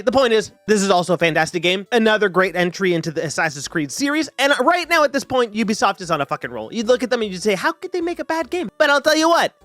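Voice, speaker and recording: A man hosting a gaming video, giving loose, profane commentary as he ranks games. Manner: animated, profane, swings pitch freely. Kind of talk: casual ranking commentary.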